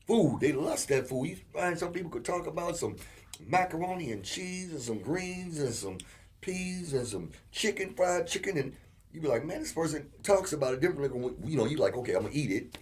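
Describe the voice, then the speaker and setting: A man co-hosting a casual relationship talk show, telling animated stories and acting out quotes. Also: a little high, brisk, slight background noise. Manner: animated storyteller, acts out quotes. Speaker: co-host.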